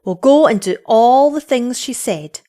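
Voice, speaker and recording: A woman voicing a pair of eager young children, pleading in breathless, high-pitched tones. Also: expressive, a little slow, mellow.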